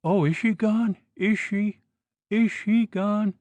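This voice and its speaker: Man voicing a hysterical young wife, high shrill screams, close dry sound. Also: slow, darkish tone, no room sound, lightly acted. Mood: terrified, hysterical. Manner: shrill, pleading, breaking into screams.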